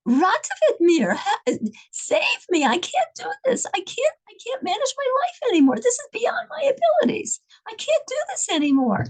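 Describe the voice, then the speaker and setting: A woman's voice: very high voice, huge pitch swings, normal speed, pitched above the performer's own voice, full character voice, poor audio. A woman voicing a desperate father crying out to God. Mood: pleading. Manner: pleading, desperate outcry.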